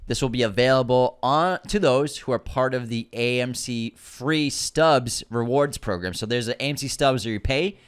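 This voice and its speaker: Excitable man chatting about movie news. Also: medium pitch, normal speed, few pauses, smooth. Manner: enthusiastic, rambling with restarts. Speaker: podcast co-host. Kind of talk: casual movie news chat.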